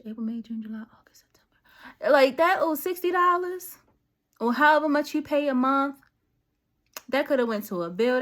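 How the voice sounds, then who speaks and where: A woman with a high, fairly bright voice gives her viewers a casual motivational talk to camera. She's slangy and conversational, speaking directly like a friend with a message, and comes across as preachy.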